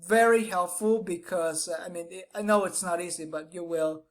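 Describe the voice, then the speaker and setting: A woman's voice: lowish voice, normal speed. A woman teaching English pronunciation who demonstrates each sound aloud, often restarts phrases with "I mean", and keeps checking in with "right?" and "you know?". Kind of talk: explanatory phonetics lesson.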